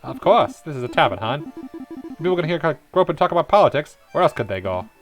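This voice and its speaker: A man's voice: a little high, big pitch swings, quick pace, soft background music, voice pushed up. Guy doing a chatty country barmaid voice, drawly accent, leans in to gossip. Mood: breezy. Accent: put-on country accent. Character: gossipy country tavern landlady, woman.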